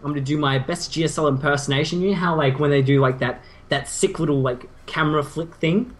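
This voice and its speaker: A man's voice: a little high, steady tone, fast. A man co-casting a game in a laid-back, self-deprecating, rambling way. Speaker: esports co-caster. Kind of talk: casual game commentary.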